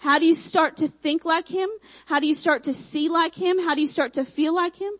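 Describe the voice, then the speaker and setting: Young woman preaching, texan twang, pretty high voice, punchy repeated lines. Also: steady tone, fairly bright tone, rough recording. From Michigan. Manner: emphatic, repetitive preaching with quick asides. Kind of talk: sermon.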